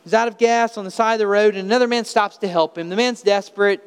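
A male pastor delivers an emphatic sermon full of rhetorical questions. His voice sits high and rings clear. It carries the long reverb of a church hall. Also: fast. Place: church sanctuary.

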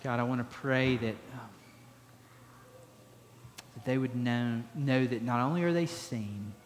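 A pastor giving a conversational sermon that turns emphatic, then closes in quiet prayer. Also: male voice, mid-range voice, a little slow, slight background noise. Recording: long reverb of a church hall.

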